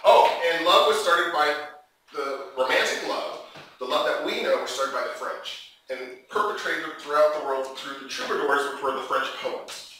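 A man giving an animated, joking public talk as an invited author, acting out the voices in his stories. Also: on the high side, normal speed, slight background noise. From Canada. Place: lecture room at a college. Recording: very echoey room, mic far off.

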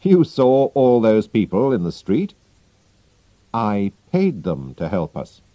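A man's voice: lowish voice, huge pitch swings, slow, dark tone, no echo, heavily acted, rough recording. A man reading Sherlock Holmes, cool and self-assured. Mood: confident. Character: clever, cool male detective, confident. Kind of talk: audiobook character reading.

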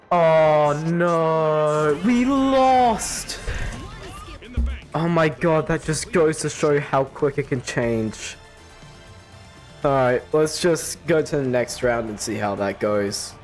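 A man commentating his own gameplay, excitable, swearing, yelping and laughing. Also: medium pitch. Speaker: gaming channel host.

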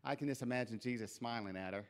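A man preaching a church sermon, telling a scripture story with lively acted-out voices and asides. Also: medium pitch, fast talker, clear, resonant tone. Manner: animated storytelling, acts out quoted voices. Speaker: pastor. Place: church sanctuary.

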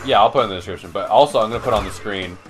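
A man's voice: on the low side, rapid-fire, faint music behind. A young man hosting a let's play, rambling in casual gaming chat with many restarts and curses. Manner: rambling, lots of restarts and swearing.

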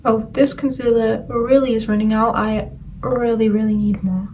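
A young woman with a Yorkshire accent talks through her routine step by step in a chatty vlog from her bedroom. Her voice sits on the high side. She is a little way from the mic, with clear noise behind her. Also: fairly even intonation, normal speed, recorded from a distance, highs cut off. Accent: Yorkshire English. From Yorkshire, England. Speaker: vlogger. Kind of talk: casual get-ready-with-me vlog narration. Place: bedroom at home.

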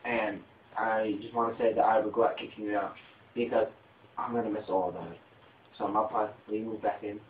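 A man's voice: on the low side, steady tone, brisk, slight background noise. A man hosting a homemade comedy skit, bossy and self-pitying, talking in blustering bursts. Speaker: comedy show host playing the boss. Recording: dull tinny phone-like audio in an echoey room.

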